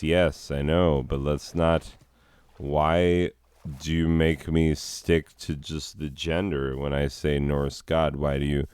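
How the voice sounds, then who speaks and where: A man hosts a casual vlog out in a forest, his voice extremely deep and smooth. He talks slowly, drifting into sarcastic, jokey asides. The sound is dry and close. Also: a little mellow, dry recording. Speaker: host. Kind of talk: casual rambling vlog commentary. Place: outdoors in a forest.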